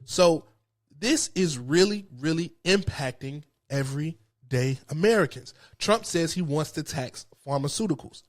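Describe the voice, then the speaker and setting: A man's voice: on the high side, animated, a little slow. A man hosting his own show, giving a passionate, frustrated political commentary. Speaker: host.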